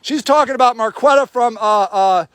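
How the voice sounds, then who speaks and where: A man livestreaming from a homeless camp sweep, shouting angrily and confronting officials. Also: very high-pitched, normal speed, clear, resonant tone, no room sound. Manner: shouting, furious, accusatory. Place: outdoor homeless camp in snow.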